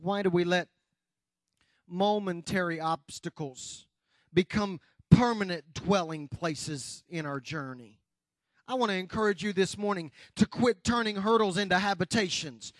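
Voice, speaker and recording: Emphatic high-voiced male preacher. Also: measured pace, no room sound. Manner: emphatic, rising to shouts. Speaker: pastor. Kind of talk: sermon.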